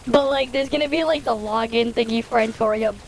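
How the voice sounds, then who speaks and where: A woman's voice: fairly high pitch, a little fast, slight background noise. Laid-back chatty woman streamer. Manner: laid-back, chatty, swears and laughs often. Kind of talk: casual live-stream chat while gaming. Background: game music.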